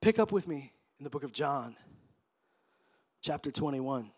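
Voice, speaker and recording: A pastor giving a sermon in a conversational storytelling way that rises to emphatic moments. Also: male voice, medium pitch, animated, measured pace, darkish tone, slightly rough.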